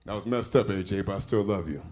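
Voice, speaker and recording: A man hosting a live comedy show, bantering in an animated, profane way between acts. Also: deep voice, quick pace. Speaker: host and comedian. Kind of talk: stand-up hosting.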